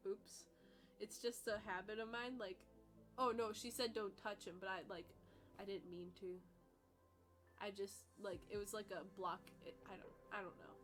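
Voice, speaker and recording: A woman's voice: medium pitch, pushed and bright. A young woman giving a casual, giggly, rambling reaction commentary with lots of fillers. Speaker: vlogger reacting to her own dog competition video.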